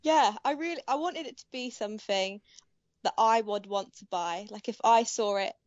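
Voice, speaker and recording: In a casual interview, a young adult embroidery artist chats warmly, laughing frequently and restarting sentences amid lots of fillers. Her medium-pitched voice moves at a normal speed, and the home-mic recording sounds dull and dry.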